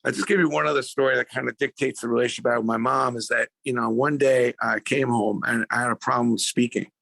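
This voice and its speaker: An older man with a New York accent and a gravelly, creaky edge tells his story as a podcast guest. He animates his quotes and swings his voice as he goes. The sound is close and dry. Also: mid-range voice, steady tone, fast, a bit bright, no room sound. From Brooklyn, New York.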